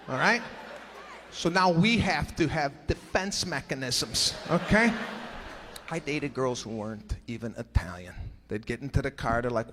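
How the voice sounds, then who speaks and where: A man doing stand-up comedy, telling stories in an animated, exasperated way. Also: fairly high pitch, long reverb tail, background noise.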